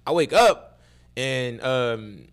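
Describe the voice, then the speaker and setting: A man telling a story in casual chat, profane and laughing, with his pitch swinging. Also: expressive, drawn-out words, clean tone.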